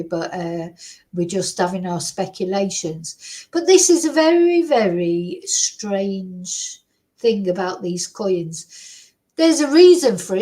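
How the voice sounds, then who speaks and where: On her own true crime commentary channel, a woman talks to camera in a casual, rambling way, full of fillers and tag questions. Her voice is on the high side and mellow, captured in a rough recording.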